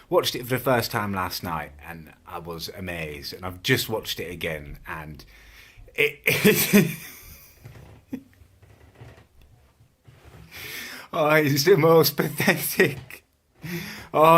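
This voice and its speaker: Husky low-voiced man ranting. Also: bright, forceful tone. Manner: mocking, incredulous, laughing at the subject. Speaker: YouTuber reacting to a video about him. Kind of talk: casual vlog rant.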